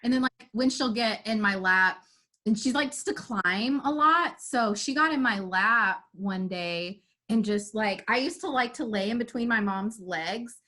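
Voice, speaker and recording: Bright-voiced, chatty young woman guest. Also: a little high, expressive, unhurried. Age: young adult. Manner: laughing, chatty storyteller. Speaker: podcast guest. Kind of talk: casual chat.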